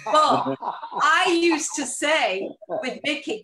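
High-voiced older woman, teasing and giggly. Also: lively intonation, normal speed, echoey room, background noise. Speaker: actress guest. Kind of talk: reunion chat.

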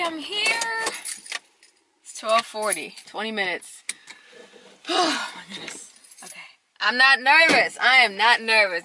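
A woman's voice: mid-range voice, sharp tone, a little hiss or hum, rough recording. A young woman chatting expressively to her viewers in a casual vlog, talking from inside her car. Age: young adult. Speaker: vlogger. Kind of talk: casual vlog talk to camera. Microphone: handheld camera.

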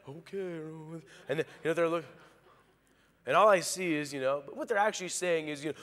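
A male pastor preaching a sermon, animated, acting out quoted lines. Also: a little high, fairly quick, big-room sound. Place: large church hall.

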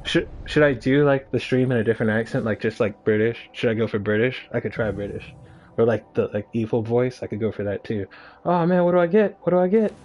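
Excitable young male game streamer. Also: medium pitch, fairly quick. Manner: excitable, swears and mutters at the game. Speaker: live streamer. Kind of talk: casual gaming commentary.

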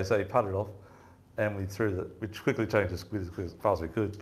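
Aussie bloke yarning at a fishing seminar, really deep voice, rambles and laughs a lot. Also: male voice, steady tone, brisk. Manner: rambling, chatty, laughs often. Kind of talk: casual storytelling talk. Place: seminar room with audience.

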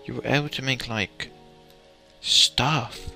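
Bright gravelly young man gaming. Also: mid-range voice, steady tone, takes it slowly, soft background music. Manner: rambling, muttering to himself, mild swearing. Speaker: gamer commentator. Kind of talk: casual gameplay commentary.

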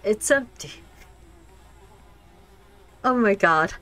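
A woman streaming a game, reacting out loud as she plays, talking to herself and laughing often. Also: mid-range voice, lively intonation, very slow. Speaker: gaming streamer. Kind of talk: casual let's play commentary.

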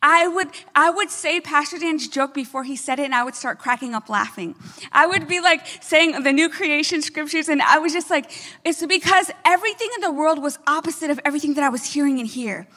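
A woman pastor delivering an energetic sermon, often checking in with the congregation with quick asides. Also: high-pitched, long reverb tail. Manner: energetic preaching with frequent "right?" asides.

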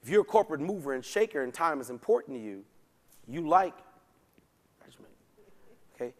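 A man leads a Bible study as pastor, his slightly high voice carrying into a long, ringing church reverb. He teaches in a relaxed, folksy style and often checks in with his listeners. His casual slang keeps the teaching conversational. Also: brisk. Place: church sanctuary.

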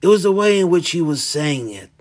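A man's voice: fairly high pitch, big pitch swings, fairly quick. A man reading his own crime novel aloud, telling the story in an intense, gritty way. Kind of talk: dramatic audiobook narration.

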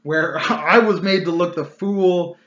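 Man, casual exasperated rant, bright voice, echoey room, lo-fi sound. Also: high-pitched, slow. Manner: ranting, exasperated, loose with fillers. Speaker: channel host telling a gaming story. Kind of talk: casual storytelling vlog.

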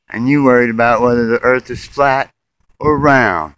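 A man's voice: medium pitch, steady tone, normal speed, a bit bright, clean tone, poor audio. A man vlogging outdoors on a phone while walking his dog at night, rambling sarcastically and swearing freely as he rants. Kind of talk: casual rambling commentary while filming.

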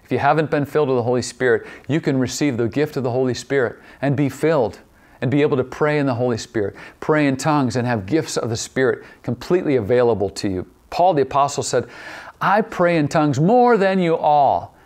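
A man preaching a sermon as pastor, repeating key phrases and asking the same question again and again, slowing down to stretch out certain words. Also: mid-range voice, darkish tone. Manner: poses repeated rhetorical questions; shifts pace, drawing some words out.

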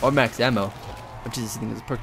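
A young man giving live gameplay commentary, excitable and rambling, swearing and yelping often. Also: medium pitch, quick pace, vocal fry, soft background music.

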